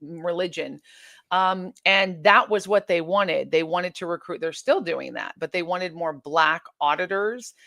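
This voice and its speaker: A woman's voice: on the low side, measured pace, vocal fry, no room sound. Woman telling her story, dry sound. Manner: animated retelling, many restarts, acts out quoted exchanges. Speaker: guest. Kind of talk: candid interview storytelling.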